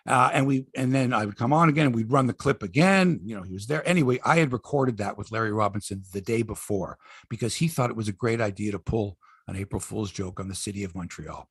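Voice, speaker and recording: Veteran male sports host, sixties, husky, lively storyteller. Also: mid-range voice, fairly quick, hardly any pauses, dry recording, studio quality. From Canada. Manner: animated storyteller, acts out quotes, swears freely. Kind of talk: casual sports chat and storytelling.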